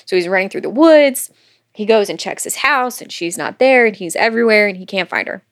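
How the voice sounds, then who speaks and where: A woman co-hosting a podcast, walking through a book's plot in loose, casual talk. She slips in quick quoted asides and the odd curse, and keeps her voice at an ordinary middle pitch. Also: expressive. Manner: retells scenes with quick quoted asides, swearing, laughing. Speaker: podcast co-host. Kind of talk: casual book recap chat.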